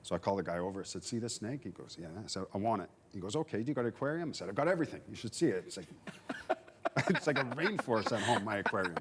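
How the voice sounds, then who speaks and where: A man in his forties, a former player on a sports panel, telling a lively anecdote and acting out the voices of the people in it. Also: fairly low pitch, fast talker, noisy background. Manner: animated anecdote teller, acts out dialogue. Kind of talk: casual storytelling on a sports panel.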